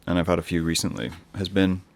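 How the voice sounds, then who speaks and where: Low, gravelly man musing aloud. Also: little pitch movement, quick pace. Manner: rambling, musing, with self-mocking asides. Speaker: podcast host. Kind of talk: casual solo podcast monologue.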